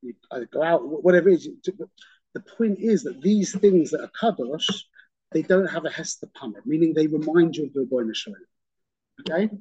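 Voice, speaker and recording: A man's voice: on the high side, expressive, a little fast, dark tone, slightly rough, dull audio. A man teaching a religious class in a conversational way, often checking in with "okay?" and repeating phrases for emphasis. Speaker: Torah teacher.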